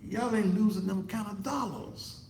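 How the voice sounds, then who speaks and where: A man's voice: sits high, a little slow, vocal fry, a little mellow, reverberant, slight background noise, low-quality recording. A man delivering a fiery, preachy commentary monologue to camera as an online talk show host, repeating himself for emphasis. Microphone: computer setup facing a monitor.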